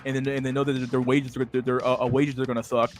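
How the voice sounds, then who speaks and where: A man's voice: mid-range voice, flat delivery, fast talker. A young man hosting a casual livestream, with profane, slang-heavy talk full of "dude" and "bro" and frequent restarts. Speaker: livestream host.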